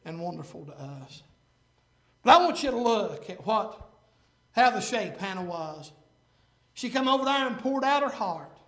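A man preaching a sermon and reading scripture aloud, impassioned and swelling to shouts, with frequent "uh" fillers. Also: high voice, very animated, moderate pace, pauses often. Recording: echoey room.

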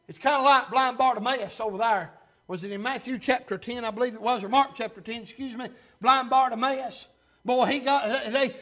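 A man preaching a sermon fervently, surging louder between drawn-out 'uh' pauses and then dropping low. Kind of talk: revival-style sermon.

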